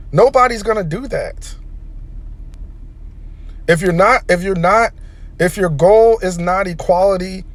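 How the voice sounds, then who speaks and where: A man delivering a heated, profanity-laden opinion rant as a vlogger. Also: high-pitched. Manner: heated, profane, emphatic ranting.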